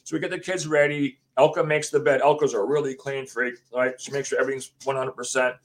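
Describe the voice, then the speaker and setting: A man from the USA telling a chilling story of his own past. He rambles and acts out what others said, now and then swearing. His voice sits in a middle pitch. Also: flat delivery, quick pace. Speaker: guest, homeowner telling a haunting story. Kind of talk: animated storytelling in conversation.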